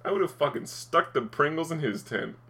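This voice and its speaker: A man co-hosting a casual podcast, telling stories in an animated way, swearing freely and laughing often. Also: fairly high pitch, a little fast, creaky. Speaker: podcast co-host. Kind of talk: casual chat.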